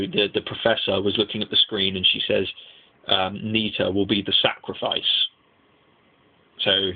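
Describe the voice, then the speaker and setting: A young man giving a casual, rambling anime review, excitable and swearing freely. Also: fairly low pitch, vocal fry, slightly rough. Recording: tinny lo-fi mic.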